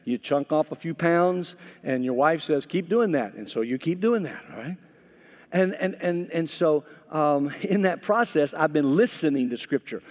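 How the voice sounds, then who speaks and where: A middle-aged man preaching a sermon as pastor, talking conversationally with many repeated words and bursts of animated emphasis. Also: on the high side, normal speed. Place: church. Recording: long hall reverb.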